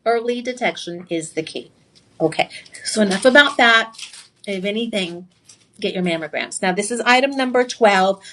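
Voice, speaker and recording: A woman presenting jewelry on live TV shopping, excitable and chatty, confiding personal stories and throwing sassy asides to viewers. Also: mid-range voice, normal speed. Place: TV shopping studio.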